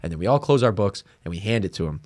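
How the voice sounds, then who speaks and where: A young American man with a fairly low voice hosts a podcast, speaking rapid-fire in clean studio sound with no echo. In casual chat he tells a story animatedly, acting out the voices of the people in it and laughing.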